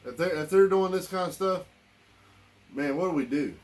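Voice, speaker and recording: A man's voice: high voice, moderate pace, a little mellow. A man delivering a heated, repetitive political rant straight to his listeners. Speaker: political commentator.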